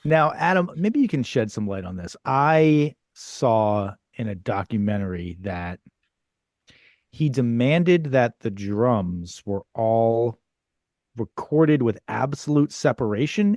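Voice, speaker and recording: A man's voice: mid-range voice, big pitch swings, unhurried, a little mellow, dry recording, studio quality. A man co-hosting a podcast, asking questions and thinking points through in casual discussion. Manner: thoughtful, asks questions and weighs points. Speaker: podcast co-host.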